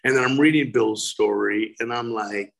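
A man in his forties telling his recovery story, animated, breaking into loud exasperated outbursts. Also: fairly low pitch, moderate pace, creaky. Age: 40s. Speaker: speaker sharing recovery story. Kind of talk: recovery talk, personal story.

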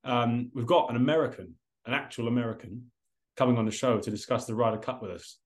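A man's voice: mid-range voice, steady tone, fast. A man co-hosting a casual podcast, rambling and swearing offhand, calling everyone mate, over a video call. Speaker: podcast co-host. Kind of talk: casual chat.

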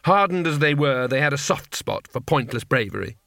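A man's voice: mid-range voice, lively intonation, a little fast, vocal fry, fairly bright tone, no room sound, studio quality. Wry man narrating an audiobook.

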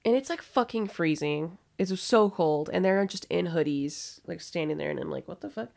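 Gravelly-voiced young woman, blunt storyteller. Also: fairly low pitch, moderate pace, darkish tone. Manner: blunt, swears freely, storytelling. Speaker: podcast co-host. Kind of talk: casual chat.

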